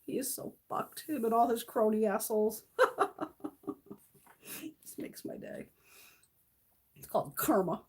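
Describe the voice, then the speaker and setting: A woman's voice: on the high side, expressive, measured pace, long pauses. Blunt, profane woman ranting on a livestream. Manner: blunt, profane and laughing often. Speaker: beauty vlogger. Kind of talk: casual livestream rant.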